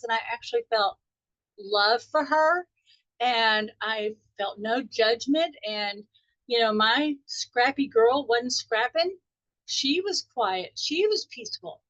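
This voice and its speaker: Chatty lady on a group call, kinda high voice, muffled dry audio. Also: fairly bright tone, dry recording. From Texas. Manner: chatty, anecdotal, laughs often. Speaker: spiritual teacher. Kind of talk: group call talk, storytelling.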